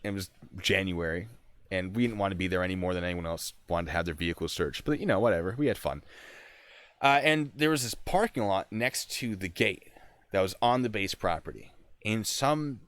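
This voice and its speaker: A young man, a sergeant hosting a casual chat, telling stories in an animated way. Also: fairly low pitch, dry recording. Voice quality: animated, shouts in retold scenes. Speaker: host, army sergeant.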